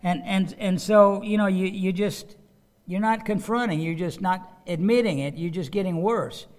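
Higher-voiced man preaching conversationally. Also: moderate pace, darkish tone. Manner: conversational, repeats words, asks the congregation questions. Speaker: pastor. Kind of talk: sermon. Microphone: microphone with a loose connection.

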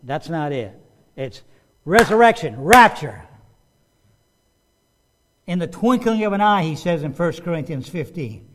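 A man preaching a sermon in an animated way, restarting phrases and raising his voice for quoted commands. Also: on the high side, moderate pace. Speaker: pastor.

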